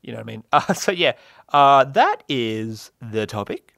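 A man's voice: medium pitch, sing-song, unhurried, vocal fry, fairly bright tone, no echo, studio quality. A young man hosting a solo comedy podcast, rambling and self-mocking with lots of fillers and laughs. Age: young adult. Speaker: podcast host.

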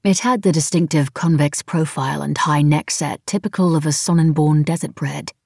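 A woman narrating a novel in the first person, with wry, even storytelling. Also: sits low, normal speed, gravelly, slightly rough, no echo, studio quality. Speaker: audiobook narrator.

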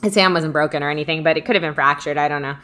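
Bright, chatty young woman. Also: low-pitched, rapid-fire. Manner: reflective, chatty, many "like" fillers. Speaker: podcast co-host. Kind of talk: casual chat.

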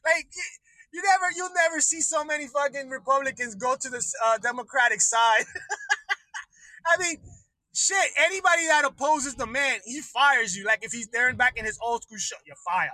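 A man's voice: very high voice, moderate pace, sharp tone, dry recording, rough recording. Male livestream host, casual rant, swears a lot, dry close-miked sound. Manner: profane, rambling, laughs often.

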